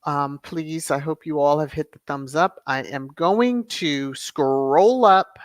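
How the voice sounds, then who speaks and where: Slow, emphatic woman hosting a commentary stream. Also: low-pitched, dry recording. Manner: emphatic, repeats words for sarcastic stress. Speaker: host of a royal news commentary channel. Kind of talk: livestream commentary.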